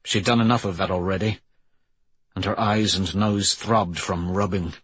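Husky low-voiced guy reading an audiobook, dry close sound, steady pace. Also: moderate pace, no room sound. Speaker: audiobook narrator. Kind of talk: scripted narration.

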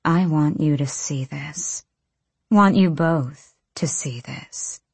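Villainous princess, jeering and unhurried, voiced by a woman narrator, low and very slow, dry sound. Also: expressive, no echo. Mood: taunting. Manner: taunting, cold, unhurried.

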